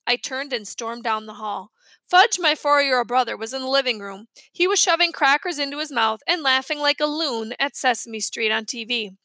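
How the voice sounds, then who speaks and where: Woman reading a kids book out loud, high bright voice, dry close sound. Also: animated, normal speed, dry recording. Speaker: reader. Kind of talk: children's book read-aloud.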